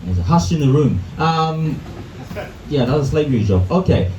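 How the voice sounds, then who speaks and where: A man's voice: fairly high pitch, expressive, moderate pace, a little mellow, roomy sound, distant mic, highs cut off, slight background noise. Hesitant stand-up man. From Vietnam. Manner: hesitant, many restarts and fillers. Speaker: stand-up comedian. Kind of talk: stand-up set. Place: comedy club.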